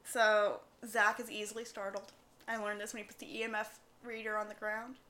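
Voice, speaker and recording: A podcast co-host with a mid-range voice talks a little fast during a casual chat. She tells stories animatedly, acting out and quoting what other people said in different voices.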